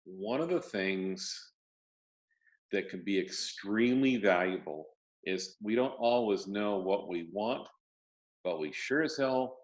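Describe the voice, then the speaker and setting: Older man with a wry, joking manner. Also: low voice. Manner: wry, joking storyteller, halting restarts. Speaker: guest, property lender. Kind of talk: casual interview chat.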